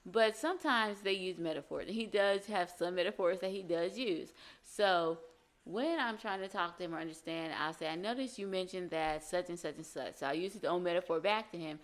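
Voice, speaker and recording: Soft-voiced woman giving relationship advice. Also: on the low side, fairly quick. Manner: conversational, acts out quoted lines in varied voices. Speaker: podcast host, relationship coach. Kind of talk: solo podcast advice talk.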